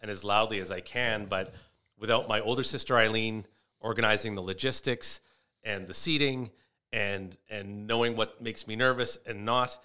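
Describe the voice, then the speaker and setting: A man's voice: on the low side, fairly even intonation, moderate pace, sharp tone. A man who is a comedian, chatting casually as a podcast guest and telling rambling stories about his family. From Canada. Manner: rambling, storytelling with restarts.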